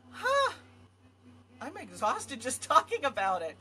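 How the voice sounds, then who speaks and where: A woman's voice: high-pitched, huge pitch swings, takes it slowly, bright, forceful tone, slight background noise. A woman vlogging to her viewers in casual talk, effusive and rambling. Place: home area in Montana.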